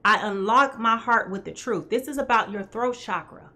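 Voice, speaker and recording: Bright-voiced woman doing a chatty tarot reading. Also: on the high side, normal speed. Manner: chatty, keeps checking in with "okay?"; talks straight to viewers, greets them by name. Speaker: tarot reader host. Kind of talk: live tarot reading to viewers.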